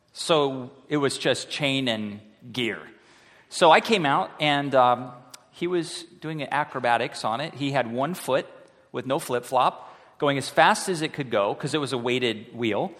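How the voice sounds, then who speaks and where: A high school pastor delivers his sermon as an animated story, acting out the voices of the people he quotes. Long hall reverb hangs on the recording.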